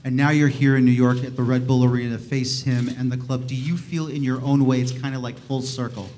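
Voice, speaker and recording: A man, a reporter, asking a long, drawn-out question at a press conference. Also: mid-range voice, little pitch movement, darkish tone, a little hiss or hum. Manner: long-winded, builds up to his question.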